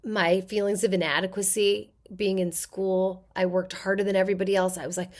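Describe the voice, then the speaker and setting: A middle-aged woman talks in a casual interview with a lively, swinging pitch. She speaks expressively and acts out the people in her stories. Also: a little fast, hardly any pauses. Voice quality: character-actor voice. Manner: animated, acts out quoted voices in her stories. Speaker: podcast guest, actor and therapist.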